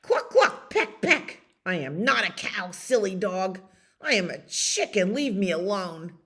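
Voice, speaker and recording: A woman's voice: medium pitch, sing-song, a little slow, fairly bright tone, slightly rough, exaggerated voice. A woman doing a huffy, clucking chicken. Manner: clucking, snappish. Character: huffy, annoyed farm chicken.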